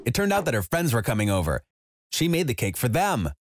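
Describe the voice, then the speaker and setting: A man telling a scripted first-person story in an even, measured way. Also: mid-range voice, faint music behind. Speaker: narrator.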